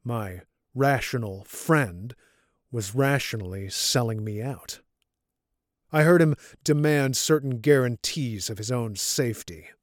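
A man reading the part of a scarred older man gravely confessing that he betrayed his rescuer, in an audiobook story. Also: medium pitch, no room sound, clean studio sound, lightly acted.

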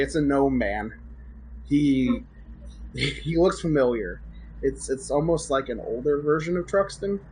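A man's voice: mid-range voice, darkish tone, slight background noise, poor audio. A man narrating a tabletop game as game master, with fillers and restarts.

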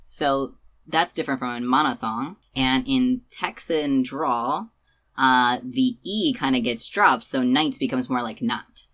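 Very low-voiced woman podcast host. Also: fairly bright tone. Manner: explains patiently, drawls words slowly to demonstrate. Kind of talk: casual educational chat.

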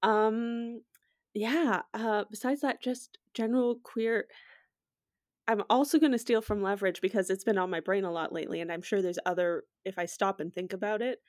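A woman's voice: medium pitch, moderate pace, a little mellow, no echo, studio quality. A woman appearing as a guest on a casual podcast, talking with enthusiasm and laughing often.

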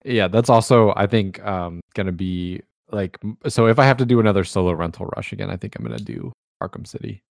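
A man's voice: on the low side, fairly quick, gravelly, hardly any pauses, dry recording, studio quality. A young man hosting a casual group chat, loose and full of fillers. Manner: loose, swearing, filler-heavy. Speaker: host asking the group.

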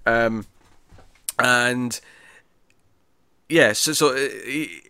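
A man co-hosting a podcast, chatting casually and animatedly about a film, now and then quoting lines in a loud impression. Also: mid-range voice, extremely slow, clear, resonant tone, no room sound, clean studio sound. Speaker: podcast co-host. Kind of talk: casual film review chat.

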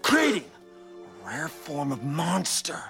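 A man's voice: fairly high pitch, wildly swooping pitch, takes it slowly, a bit bright, full character voice. An actor playing an eccentric male video-store monster expert, speaking in a theatrical, mysterious way over film music. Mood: ominous. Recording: film clip with music behind.

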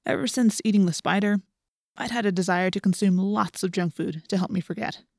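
A woman narrating a first-person audiobook in a measured, even storytelling manner. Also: mid-range voice, dry recording, clean studio sound.

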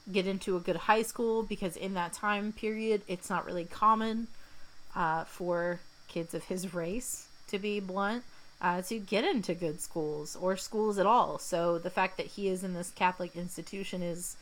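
Over a low-quality recording, a young woman with a lowish voice co-hosts a podcast, casually recapping a film one scene at a time. She chats freely and voices the characters when quoting them.

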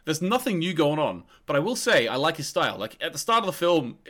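Man, podcast co-host, slightly high voice, rambling, animated, casual film chat. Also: fairly quick.

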